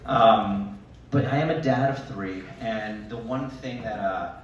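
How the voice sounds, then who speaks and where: A man in his thirties doing a stand-up comedy set on a talent show stage, telling exaggerated stories with deadpan asides. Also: lowish voice, unhurried, slight background noise. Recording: echoey hall, mic from a distance.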